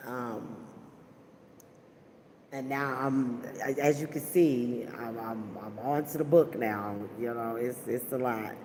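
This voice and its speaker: A woman's voice: extremely low pitch, slow, darkish tone, big-room sound, slight background noise. A woman hosting a podcast, chatting casually and heartfelt with viewers, full of fillers and talk of faith. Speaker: podcast host. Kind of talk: casual livestream chat with viewers. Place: at her workplace.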